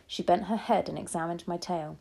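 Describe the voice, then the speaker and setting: A woman reading a children's novel aloud in a steady, gentle storytelling manner. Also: on the low side, brisk, vocal fry. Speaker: reader.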